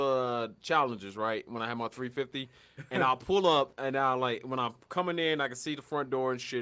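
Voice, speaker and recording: A man's voice: medium pitch, pushed and bright, smooth. Rambling man on a casual podcast. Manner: rambling, laughing anecdotes with restarts. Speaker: podcast co-host.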